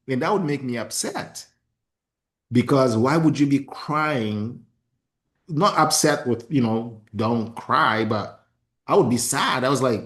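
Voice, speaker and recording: A man whose first language is not English, hosting a podcast interview in a passionate, expressive way with many restarts. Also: mid-range voice, unhurried. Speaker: podcast host. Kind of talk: casual interview conversation.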